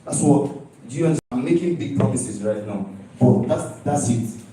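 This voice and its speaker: A man's voice: medium pitch, expressive, moderate pace, background noise. Young man presenting in an echoey hall. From Nigeria. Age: young adult. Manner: emphatic, repeats key phrases, keeps asking "do you understand?". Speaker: student presenter. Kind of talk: live project presentation. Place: large lecture hall. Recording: echoey hall, heard from a distance.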